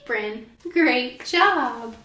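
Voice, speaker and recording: A woman teaching young children letter sounds, speaking in a slow, sing-song, encouraging way. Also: on the high side, animated, pushed and bright, a little hiss or hum. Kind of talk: children's phonics lesson. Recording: echoey room, mic at a distance.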